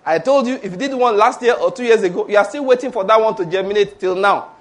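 A man's voice: high-pitched, fast talker. A man preaching a sermon, laughing between points and calling on the congregation to repeat after him. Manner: animated, laughing asides, call-and-response with congregation. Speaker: pastor.

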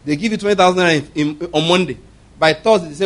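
High-voiced preacher, from murmurs to exhortation. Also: male voice, racing. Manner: swings between low murmurs and loud exhortation; asks the congregation rhetorical questions. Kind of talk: sermon.

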